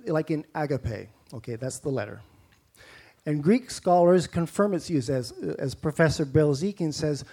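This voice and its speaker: A man's voice: fairly high pitch, dark tone. A man with a Canadian accent preaching a sermon in a conversational way, with rhetorical questions and mock-incredulous asides.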